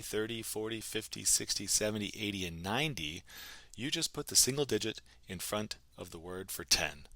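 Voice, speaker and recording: A man with a lowish but bright, forward voice teaches a recorded language lesson. He drills numbers patiently, asking and then answering each one. The sound is dry and close. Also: dry recording.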